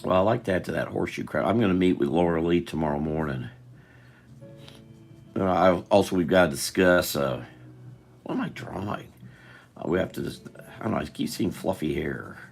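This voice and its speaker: Older man, low voice, gravelly, tired, rambling live-stream chat, faint music behind. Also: lively intonation, moderate pace, long pauses. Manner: meandering, self-interrupting, chatty.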